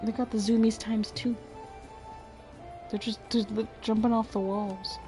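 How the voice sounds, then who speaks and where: A woman's voice: fairly high pitch, little pitch movement, measured pace, mellow. A woman streamer reading role-playing game dialogue aloud, with playful asides. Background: faint game music.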